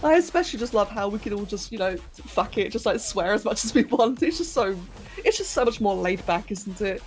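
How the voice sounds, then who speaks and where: A woman's voice: mid-range voice, expressive, a little fast, a little mellow, soft background music. A young British woman chatting casually with her viewers while playing a game, giggly and rambling, her throat a little sore. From Britain. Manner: chatty, giggly, talks to chat. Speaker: streamer. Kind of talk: casual live-stream chat while gaming.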